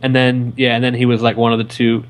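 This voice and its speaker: A young man co-hosts a casual film chat, talking in loose, rambling sentences full of "like". His voice sits at an ordinary middle pitch. A faint hiss of noise runs under the recording. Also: monotone, quick pace. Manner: rambling, heavy use of "like". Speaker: film show co-host.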